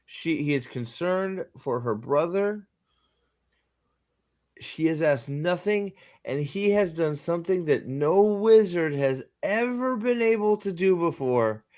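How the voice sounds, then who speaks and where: Australian man, casual crude chat, lightly raised pitch. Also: expressive, slow, a little mellow. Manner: swearing, joking, mock-voicing characters. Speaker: podcast co-host. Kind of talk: casual crude book discussion.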